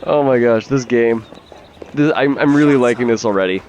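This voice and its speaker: A man's voice: mid-range voice, normal speed, a little mellow. A man giving casual, chatty gameplay commentary as a let's play host, swearing freely and laughing easily.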